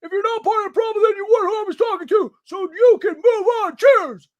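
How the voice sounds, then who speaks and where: A man putting on a mocking parody voice of a defensive, preachy woman, shouting in a high shrill tone. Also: fast, lo-fi sound.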